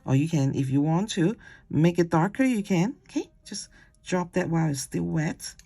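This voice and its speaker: Gravelly, husky-voiced painting teacher. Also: medium pitch, lively intonation, moderate pace. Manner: chatty and digressive, ends steps with "okay?"; gentle, coaxing instructions. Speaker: watercolor instructor. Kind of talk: casual painting demonstration.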